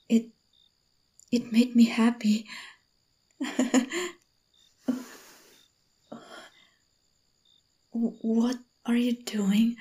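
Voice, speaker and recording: A woman voice actor playing a guarded, lonely young woman in an audio role-play, talking softly and hesitantly with frequent stammers. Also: medium pitch, lightly acted. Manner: hesitant, stammering, soft-spoken.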